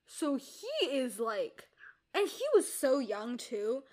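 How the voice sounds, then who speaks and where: A young woman in an easygoing book discussion. Her voice is high. She offers blunt, opinionated reads of the characters, padded with casual fillers. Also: expressive, slow. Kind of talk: casual chat.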